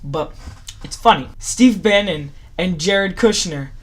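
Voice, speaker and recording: A man's voice: high voice, lively intonation, slow. A man giving casual reaction commentary in a sarcastic, mock-enthusiastic ranting way. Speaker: YouTube commentator.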